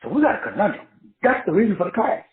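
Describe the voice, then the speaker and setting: A man's voice: high-pitched, wildly swooping pitch, fast talker. A man called Doc giving a motivational class, preachy and profane, riffing in rhymes as he teaches. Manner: preachy, profane, rhyming riffs. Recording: tinny phone-like sound in an echoey room.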